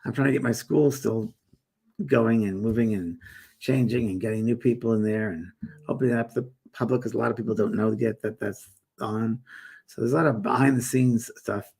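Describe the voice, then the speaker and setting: A man's voice: mid-range voice, normal speed, gravelly, a little mellow, breathy edge. A middle-aged man hosting a live spiritual chat show, rambling casually as he reads viewer comments aloud and answers them. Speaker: host and medium.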